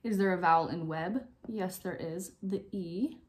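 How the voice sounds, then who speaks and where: A young woman teacher giving slow, clear, step-by-step instructions in a phonics lesson for young children. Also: fairly low pitch, darkish tone.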